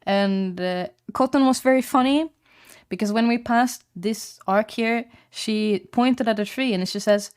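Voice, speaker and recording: A woman's voice: on the high side, unhurried, smooth. A young woman streamer chatting casually, rambling in a laid-back way, swearing and laughing often. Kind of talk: casual chat.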